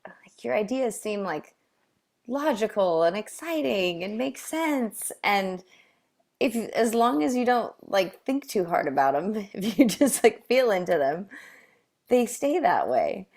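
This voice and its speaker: A woman's voice: medium pitch, very animated, takes it slowly, a little mellow. A woman co-hosting a casual chat, rambling with many fillers and frequent laughs. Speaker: co-host.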